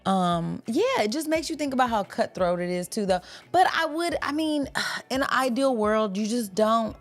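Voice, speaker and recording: A woman's voice: fairly high pitch, expressive, moderate pace, soft background music. A woman co-hosting a casual book-club podcast, speaking frankly and swearing freely. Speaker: podcast co-host.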